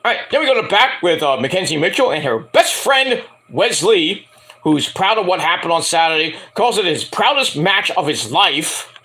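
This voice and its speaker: A man's voice: sits high, expressive, moderate pace, sharp tone. A man giving a casual review vlog, rambling and swearing, mocking people as he goes. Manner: rambling, profane, mocking rants. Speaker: wrestling show reviewer.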